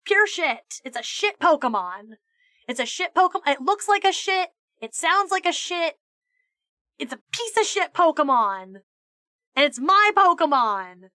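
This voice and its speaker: A woman's voice: high voice, no room sound, studio quality. A woman streamer chatting casually on a live stream, mock-ranting with plenty of swearing and stammered restarts. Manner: animated, profane mock-ranting. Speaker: VTuber streamer.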